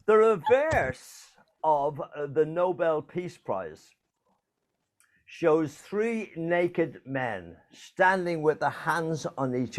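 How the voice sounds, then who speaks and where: Older man with a lively high voice hosting a quiz. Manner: playful, teasing, laughs often. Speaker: quiz host. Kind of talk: hosting a true-or-false quiz. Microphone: video call.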